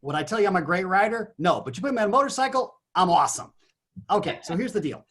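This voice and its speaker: A man giving an energetic motivational talk as a guest on a business call, animated and emphatic. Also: high-pitched, fast talker. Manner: animated, emphatic, punchy exclamations.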